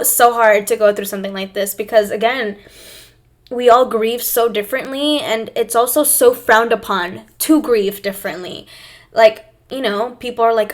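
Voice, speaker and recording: Young female host, slightly high voice, personal to-camera talk, reflective and emotional, halting delivery. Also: a bit bright. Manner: emotional, reflective, with pauses and restarts.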